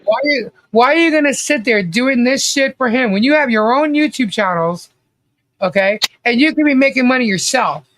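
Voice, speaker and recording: A man's voice: very high-pitched, expressive, normal speed, fairly bright tone, a little hiss or hum. A man hosting a casual livestream commentary, blunt and ranting, swearing freely and reading out viewer chat comments.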